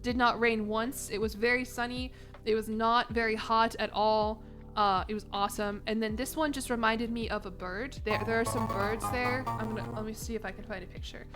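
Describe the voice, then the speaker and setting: A woman's voice: a little high, steady tone, normal speed, over music. A young woman from Chicago chatting casually on stream, rambling and emotional, laughing at herself. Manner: rambling, emotional, self-mocking, laughs often.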